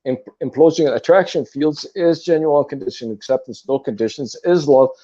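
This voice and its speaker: A man's voice: on the high side, a little fast, dark tone, lo-fi sound. A man in casual spiritual talk, speaking in an earnest, repetitive, lecturing way. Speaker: guest on a spiritual talk stream.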